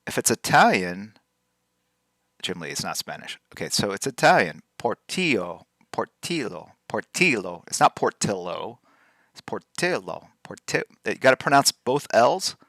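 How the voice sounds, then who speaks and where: A man's voice: on the low side, very animated, normal speed, gravelly, fairly bright tone, no echo, clean studio sound. A man hosting a live drawing stream, chatting casually and playfully with his chat while he works, teasing them and repeating words to practice saying them.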